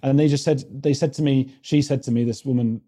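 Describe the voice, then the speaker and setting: An English man speaking as a podcast guest over a remote call. His voice is mellow and a little husky. He talks in a chatty, self-deprecating way, often restarting his sentences. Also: mid-range voice, steady tone, brisk. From England. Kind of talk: casual podcast interview. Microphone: remote call mic.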